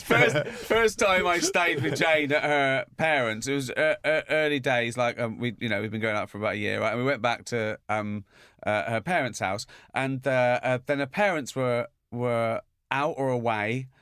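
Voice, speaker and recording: A man's voice: medium pitch, moderate pace, a bit bright, clean tone, no echo, clean studio sound. A man hosting a comedy chat show, telling rambling stories full of swearing, restarts and laughter. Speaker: podcast host.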